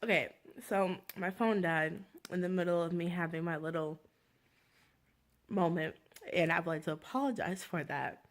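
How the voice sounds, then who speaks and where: A woman book vlogger chatting casually to her phone, gushing and rambling, swinging between giddy excitement and near tears. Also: fairly low pitch, moderate pace. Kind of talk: casual fan vlog chat.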